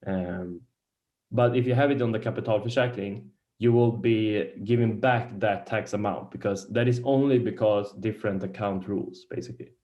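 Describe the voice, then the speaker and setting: A man whose first language is Swedish gives a beginner lecture on investing, pausing often and searching for words. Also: fairly low pitch, mellow, lo-fi sound. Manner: halting, searches for words, many restarts. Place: lecture room.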